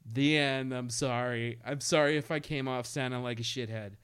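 A man co-hosting a casual radio talk show, talking in a halting way with many restarts. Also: medium pitch, fairly even intonation, fairly bright tone, clean tone. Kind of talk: casual chat.

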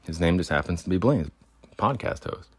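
A man's voice: sits low, expressive, normal speed, breathy edge. A man hosting his own podcast, rambling casually and exasperated, with many restarts and asides. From Utah. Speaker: podcast host. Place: home with cats.

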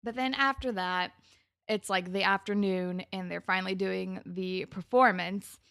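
Brief: young woman, podcast co-host, animated casual recap, dry close sound. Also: unhurried, vocal fry, no room sound. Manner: animated, acts out characters' lines with big pitch jumps.

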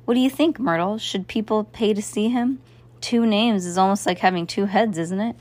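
A woman's voice: medium pitch, moderate pace, a little mellow, close to an everyday voice. A woman voicing a short, fat male clown who jokes and teases, reading a storybook. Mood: teasing. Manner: joking, teasing.

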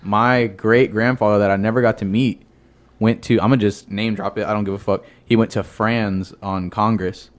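A young man on a podcast telling a childhood story in casual chat, profane and lively, acting out what others said. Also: fairly low pitch, normal speed. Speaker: podcast co-host. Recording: audio-only podcast.

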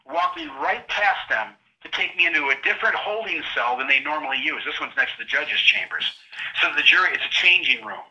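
A middle-aged man telling his own story of his trial in an animated, indignant way, acting out what guards and judges said. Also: a little high, dull audio. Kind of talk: passionate conversational account.

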